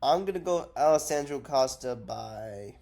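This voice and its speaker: A man's voice: mid-range voice, lively intonation, measured pace, gravelly, a little mellow. A man giving casual, rambling fight predictions, blunt and profane, unwell and drowsy from cough syrup. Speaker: MMA predictions vlogger. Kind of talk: casual unscripted commentary.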